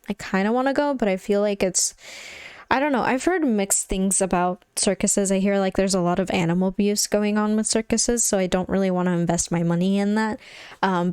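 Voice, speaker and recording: A woman's voice: medium pitch, darkish tone, clean tone, no echo. A young woman streamer chatting casually and rambling while she plays a game. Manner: rambling, laughs easily. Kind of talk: casual gameplay commentary.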